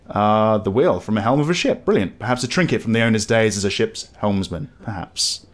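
A man casually commenting while playing a game, with chatty, self-deprecating asides. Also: medium pitch. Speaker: let's play host.

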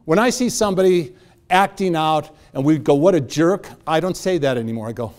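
A man's voice: fairly high pitch, brisk. A middle-aged man giving a motivational talk, telling stories and acting out the voices of the people in them. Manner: animated storyteller acting out voices. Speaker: motivational speaker. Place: event hall.

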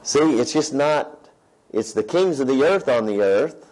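A man's voice: medium pitch, expressive, a little slow, a little mellow, rough recording. A man preaching a sermon, reading scripture aloud and checking in with his listeners in a conversational way. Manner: conversational, reads scripture aloud and asks "right?". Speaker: pastor.

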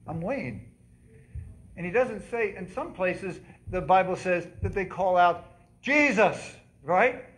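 A man's voice: high voice, a little slow. A pastor preaching a sermon in a church, quizzing his congregation and dramatically repeating the cries of the scripture story. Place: church sanctuary.

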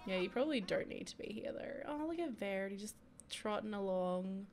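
A woman's voice: mid-range voice, animated, brisk, darkish tone, slight background noise. A young woman giving chatty, giggly commentary while playing a life-sim game. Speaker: gaming video creator. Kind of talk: casual gameplay commentary.

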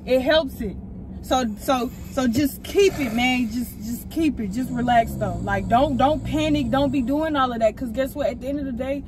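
A woman with a high voice pulls a prank from inside a car, coaxing and mock-soothing as she teases. Steady noise fills the background around her. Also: normal speed. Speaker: prankster vlogger. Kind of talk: casual prank banter in a car.

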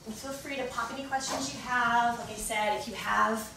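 A woman's voice: fairly high pitch, steady tone, moderate pace, vocal fry, pushed and bright, slight background noise. A woman hosting a cooking show, chatting casually with viewers as she talks them through each step. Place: home kitchen. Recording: echoey kitchen, mic at a distance, clattering dishes.

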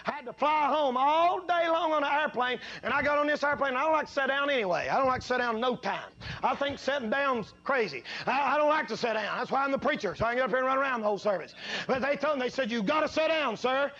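A man preaching a sermon, telling folksy stories and swinging between low, quiet asides and loud, drawn-out preaching. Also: lively intonation, dull audio. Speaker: pastor.

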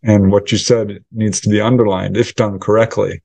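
A man's voice: on the low side, flat delivery, normal speed, creaky, darkish tone. A man who researches UFOs, answering interview questions by telling a story and acting out the quoted dialogue in it. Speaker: UFO researcher and author.

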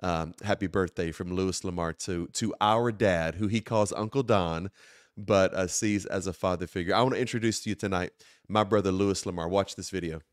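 A man, a bishop, hosting his talk show in an earnest, quick way with many filler words and restarts. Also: deep voice, no echo, clean studio sound. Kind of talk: sermon-like talk show monologue.

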